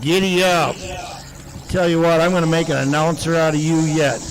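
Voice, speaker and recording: An older man announcing a truck pull outdoors, breaking into a rapid-fire auction chant in a folksy way. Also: a little high, fairly even intonation, a crowd in the background, rough recording. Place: outdoor raceway.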